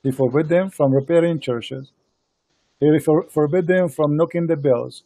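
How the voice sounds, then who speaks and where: A man hosting a heated online debate, insistent and repetitive, speaking halting non-native English into a computer mic. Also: on the high side, dark tone, no room sound. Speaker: host of a live debate stream.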